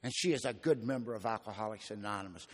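A man doing a blunt old Irish priest with a deep, heavy brogue, talking lower than his own voice. He scolds in a gruff, plain way. The voice rings out with a long hall echo. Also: quick pace, natural voice. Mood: stern. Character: blunt older male Irish Catholic priest.

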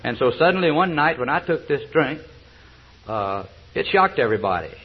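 Older man, husky voice, folksy testimony, dull old lo-fi recording. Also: on the high side, very animated, moderate pace. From South Georgia, US. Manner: folksy storyteller, chuckling, hesitant fillers. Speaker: speaker at a recovery meeting. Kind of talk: personal testimony talk with jokes.

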